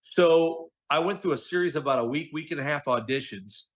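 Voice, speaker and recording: A middle-aged man, a guest voice actor, telling stories in a casual interview, animated and acting out the voices of the people he quotes. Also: fairly high pitch, brisk. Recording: podcast audio.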